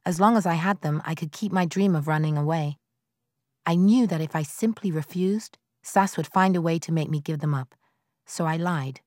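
A woman narrating a novel in the first person, in a measured, quiet storytelling manner. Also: deep voice, no echo, studio quality. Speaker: audiobook narrator.

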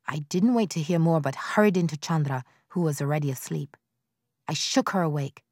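A woman narrating a novel in the first person, in a measured, quiet storytelling manner. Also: sits low, no echo, clean studio sound. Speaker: audiobook narrator.

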